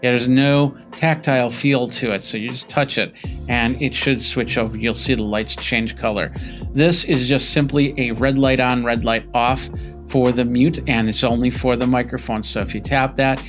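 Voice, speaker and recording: A man's voice: mid-range voice, steady tone, moderate pace, music in the background. A man, a tech reviewer, casually demonstrating a product and explaining each step as he goes, speaking close into a studio microphone. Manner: explanatory, walks through steps with fillers. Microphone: studio podcast mic close to mouth.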